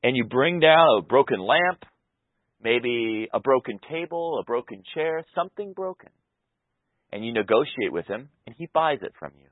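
A pastor preaching a sermon, moving between loud, passionate peaks and soft, intimate stretches. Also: male voice, medium pitch, animated, normal speed, no echo. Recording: tinny phone-like sound.

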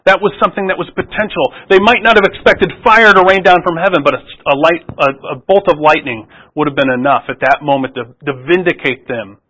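A man's voice: a little high, brisk, hardly any pauses, bright, forceful tone, rough recording. A man preaching a sermon in a conversational way, often restarting phrases and asking rhetorical questions.

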